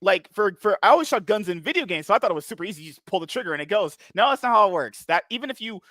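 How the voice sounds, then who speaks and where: A man chatting casually as a podcast co-host, agreeable and lively, often stopping and restarting as he talks. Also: high-pitched, rapid-fire, no echo, clean studio sound. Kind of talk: casual chat.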